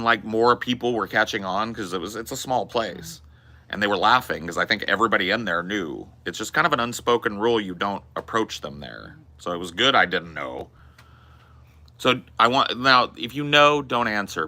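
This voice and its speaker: A man's voice: low voice, bright, forceful tone. A man hosting a podcast, telling a loose, profane, rambling story in casual chat. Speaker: podcast host.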